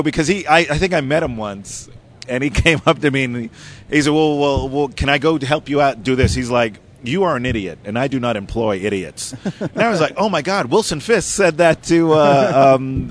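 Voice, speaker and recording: A man, a comic book artist, telling stories in a casual interview, acting out quotes and laughing often. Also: medium pitch. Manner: animated anecdotes, acts out quotes, laughs often.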